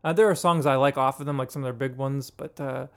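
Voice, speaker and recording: A man's voice: medium pitch, fairly even intonation, quick pace. A man co-hosting a casual podcast, chatting about beer and music in a playful, joking way with lots of fillers and restarts. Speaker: podcast co-host.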